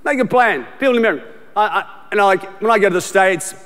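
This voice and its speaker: A man's voice: sits high, fast talker, fairly bright tone. A middle-aged Australian man preaching a sermon as pastor, emphatic and repetitive, often restarting his sentences in a conversational way. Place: large church auditorium. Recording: long church hall reverb.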